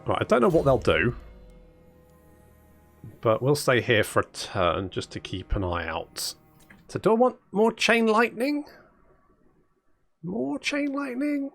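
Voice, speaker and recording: A man's voice: medium pitch, fairly bright tone. A man giving casual, sarcastic let's-play commentary, thinking aloud and swearing freely. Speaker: gaming channel host.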